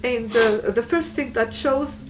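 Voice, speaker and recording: A woman from Tunisia, giving a personal testimony in an earnest, halting way and repeating words for emphasis. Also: a little high, recorded from a distance, noisy background. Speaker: guest giving a faith testimony.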